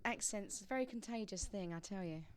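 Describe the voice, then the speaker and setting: A woman's voice: mid-range voice, quick pace, clean tone. A young woman from England, a singer guest in a radio studio, chatting casually and laughing often.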